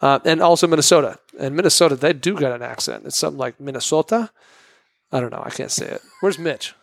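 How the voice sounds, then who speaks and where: A man's voice: fairly high pitch, quick pace, vocal fry. A man co-hosting a podcast, rambling casually and joking at his own expense. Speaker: podcast co-host. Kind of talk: casual news chat.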